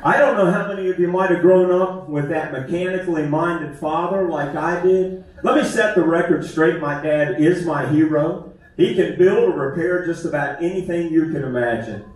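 A man's voice: on the high side, moderate pace. A man doing a self-deprecating, conversational stand-up comedy set on a theater stage. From West Virginia. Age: 50s. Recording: echoey theater from far off.

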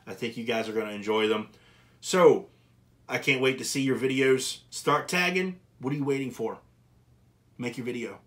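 Brief: male channel host, mid-pitched voice, upbeat and emphatic, casual review-to-camera delivery. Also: moderate pace, fairly bright tone.

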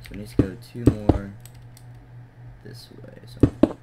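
A man's voice: lowish voice, level tone, slow. A young man hosting his own game channel, chatting casually as he builds, easily distracted, laughing at his own mistakes and counting blocks aloud. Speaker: gaming channel host. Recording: loud background noise and keyboard clicks.

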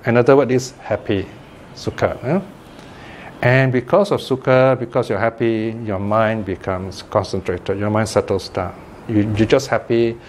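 An older man with a medium-pitched voice leads an informal Dhamma class. He keeps it relaxed and conversational, often checking in with listeners by asking "okay?" and "right?", and chuckles now and then.

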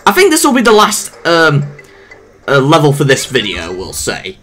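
A man's voice: fairly high pitch, wildly swooping pitch, normal speed, fairly bright tone. A young man commentating casually over a game he is playing, rambling and swearing with jokey asides. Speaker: gameplay commentator. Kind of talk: casual let's play commentary. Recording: faint game music behind.

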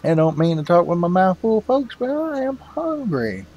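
A man's voice: high voice, sing-song, normal speed, darkish tone, muffled recording. A man hosting a farming game video, rambling casually and calling his viewers "folks". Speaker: gaming channel host.

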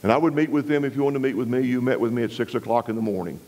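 Folksy preacher telling a story. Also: male voice, rapid-fire, rough recording. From West Texas. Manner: folksy, drops low and quiet for emphasis; rises and presses when preaching scripture. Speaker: revival preacher. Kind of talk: storytelling sermon.

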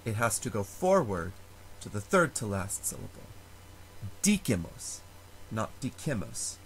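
A man teaching a Latin lesson, explaining stress rules slowly and carefully and sounding out example words. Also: fairly low pitch, big pitch swings, a bit bright, a little hiss or hum, low-quality recording. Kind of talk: recorded lecture.

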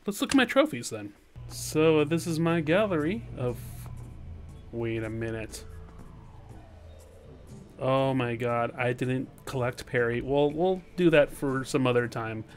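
A man hosting a let's play gaming video, casually chatting and scolding the game out loud, swinging between shouts and mutters. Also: medium pitch, unhurried, long pauses, faint music behind. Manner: animated, yelling at the game, then muttering. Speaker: gaming channel host.

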